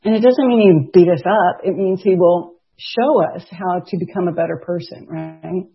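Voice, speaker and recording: A middle-aged woman, sharing a personal recovery testimony in an animated, storytelling way, laughing and acting out quotes. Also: lowish voice, normal speed, breathy edge, lo-fi sound. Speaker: recovery meeting speaker.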